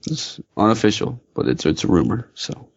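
A man's voice: lowish voice, very animated, moderate pace, creaky, husky, no echo, muffled recording. A man co-hosting a casual gaming podcast, joking around and reading listener submissions. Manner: jokey, drops into silly put-on voices. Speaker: podcast co-host.

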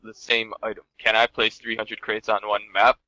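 A man's voice: lowish voice, monotone, normal speed, pushed and bright, no echo, rough recording. A man co-hosting a casual gaming podcast, explaining game mechanics step by step. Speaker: podcast co-host.

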